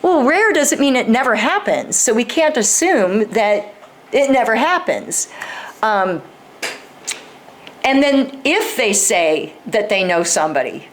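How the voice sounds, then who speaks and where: A woman's voice: on the high side, sing-song, a little slow. A woman speaker teaching a group in a conversational way, acting out sample dialogues and asking the audience questions directly. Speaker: speaker teaching a class on persuasion. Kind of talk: instructional talk to a live group.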